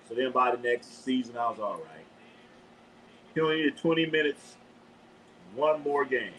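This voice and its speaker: Animated, profane sports-show host man. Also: mid-range voice, moderate pace, long pauses, slight background noise, rough recording. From Los Angeles. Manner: animated, profane trash talk. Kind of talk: casual live sports chat.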